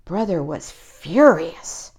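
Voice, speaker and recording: Animated woman reading a storybook. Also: on the low side, slow pace, slightly rough. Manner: animated, voicing each character in turn. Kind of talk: reading a children's picture book aloud.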